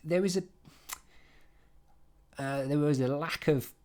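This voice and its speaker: A man giving an informal, emphatic revision lesson on a play, with quick asides and restarts. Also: a little high, darkish tone. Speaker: English literature teacher.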